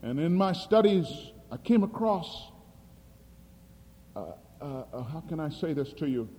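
A husky-voiced man preaches with dramatic, wide-ranging delivery, rising into loud emphasis and dropping into quiet asides. His voice sits a little high and carries through a big hall with long reverb. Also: animated, fairly quick. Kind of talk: sermon.

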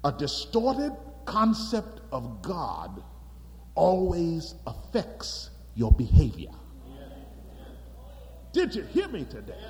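A man preaching a sermon in an animated, emphatic way, calling out to his congregation. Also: a little high, slow, long pauses. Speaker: pastor. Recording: long hall reverb.

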